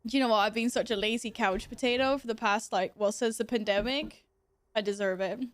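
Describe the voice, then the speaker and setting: High-voiced giggly woman streamer. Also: fairly even intonation, fast talker, dry recording. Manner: giggly, swears a lot, exasperated banter. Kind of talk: casual livestream chat to viewers.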